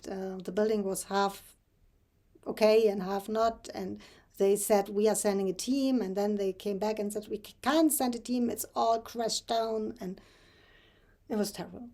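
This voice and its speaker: Woman telling a halting faith story. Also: mid-range voice, dark tone. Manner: halting, with many fillers and restarts; earnest, emotional storytelling. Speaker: Christian vlogger. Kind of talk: personal faith testimony.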